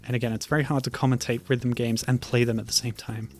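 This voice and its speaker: A man streaming and commenting on old web games, talking in a hesitant, halting way with many fillers and sometimes reading the game text aloud. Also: mid-range voice, level tone, a little mellow, soft background music. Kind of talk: casual gameplay commentary.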